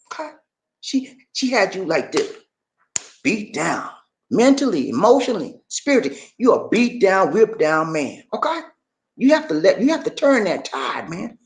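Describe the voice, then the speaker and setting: A man giving relationship advice on a live stream, preachy and animated, speaking straight to his viewers and acting out quotes. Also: sits high. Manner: acts out quoted voices in his talk.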